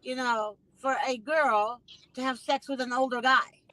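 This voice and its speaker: A woman's voice: high-pitched, steady tone, unhurried, pushed and bright, no room sound, poor audio. A woman hosting a casual conversation, speaking emphatically and repeating phrases with indignation. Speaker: host.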